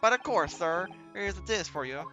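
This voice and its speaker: A streamer voicing an obsequious, flustered pawnbroker, talking loudly and eagerly. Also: mid-range voice, lively intonation, normal speed, lo-fi sound, soft background music, voice pushed up. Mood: fawning. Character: fawning, nervous pawnbroker man.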